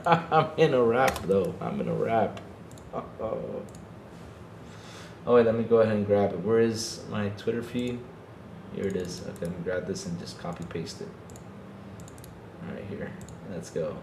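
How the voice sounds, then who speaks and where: A man hosting a casual livestream podcast, talking excitedly to his chat and repeating himself often. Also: lowish voice, unhurried, vocal fry, pauses often, echoey room, a little hiss or hum. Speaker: podcast host streaming to chat.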